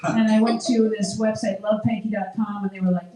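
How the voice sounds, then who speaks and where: A middle-aged woman performs stand-up at an open mic comedy show, recorded with a distant mic in an echoey room. Her voice is medium-pitched and dark in tone, with a flat, brisk delivery, as she talks conversationally, pokes fun at herself, and laughs at her own jokes.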